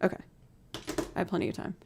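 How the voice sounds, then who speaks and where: A woman's voice: quick pace, noisy background. A young woman musician chatting casually on a livestream, thinking aloud and poking fun at herself while she has bronchitis.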